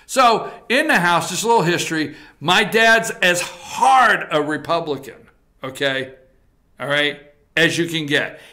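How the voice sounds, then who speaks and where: A man hosts a talk show in a bright, forceful voice. His pitch sits a little high for a man, and he talks in a blunt, folksy way, straight to his viewers. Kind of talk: political opinion talk show. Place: TV studio.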